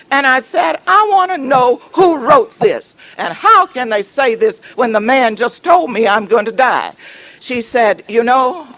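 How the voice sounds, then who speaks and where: A woman's voice: on the high side, a bit bright, poor audio. A woman pastor from the southern United States preaching a sermon, telling a story with humor and teasing her congregation.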